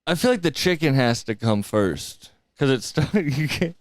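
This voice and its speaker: A man's voice: medium pitch, expressive, unhurried. A man in his twenties, a stand-up comic hosting a podcast, chatting casually and laughing often. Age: 20s. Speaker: podcast host and stand-up comedian. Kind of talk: casual interview chat.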